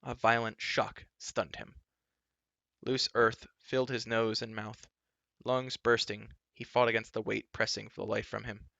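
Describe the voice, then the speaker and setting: Male storybook reader, gravelly and bright, dry close lo-fi sound. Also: lowish voice, a little slow, no echo. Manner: steady, dramatic narration. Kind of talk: storybook reading aloud. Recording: dull lo-fi recording.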